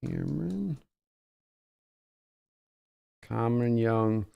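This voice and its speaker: A man's voice: medium pitch, animated, extremely slow, vocal fry, warm tone, smooth, highs cut off. A man hosting a live draft reaction stream, breaking down prospects analytically in a casual way and reading out viewer comments. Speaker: host.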